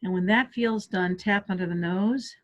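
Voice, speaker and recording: A woman calmly guiding listeners step by step through a stress relief tapping exercise on a video call. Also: mid-range voice, moderate pace. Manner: calm step-by-step coaching. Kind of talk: guided tapping exercise instruction. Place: home office on a webinar.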